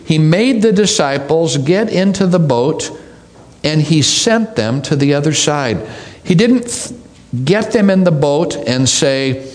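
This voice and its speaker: A male preacher reads scripture and then expounds on it in a sermon. His delivery is slow and deliberate, with pauses and repeated phrases for emphasis. His voice sits a little higher than most men's. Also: lively intonation.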